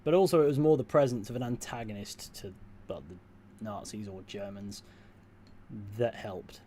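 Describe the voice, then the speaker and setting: Answering his viewers on a casual livestream, this young man from the United Kingdom is blunt and sweary, with dry asides. He speaks at a normal speed in a lowish, steady, warm voice, over slight background noise.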